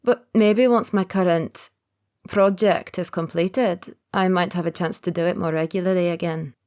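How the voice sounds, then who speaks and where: A woman voicing a reserved man in his early thirties in an audiobook, speaking quietly and guardedly. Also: on the low side, fairly even intonation, lightly acted. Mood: quiet, earnest. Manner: quiet, guarded, opens up slowly. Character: reserved thirty-one-year-old man, secret agent. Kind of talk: audiobook character voice.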